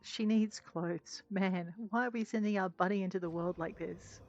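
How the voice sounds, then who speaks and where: A woman's voice: mid-range voice, fairly even intonation, moderate pace, a little mellow. Giggly woman streamer chatting while she plays, dry slightly muffled mic, faint game music. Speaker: streamer playing a video game. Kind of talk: casual live-stream commentary.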